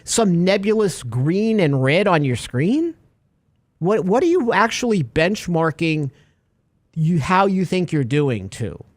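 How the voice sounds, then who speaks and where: Tired guy co-hosting a money show, voice all over the place, jokey, kinda high, dry sound. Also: slow pace, no echo. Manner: jokey and animated, fond of extended sea metaphors. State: tired from little sleep. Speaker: co-host of a financial talk show. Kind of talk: casual radio finance chat.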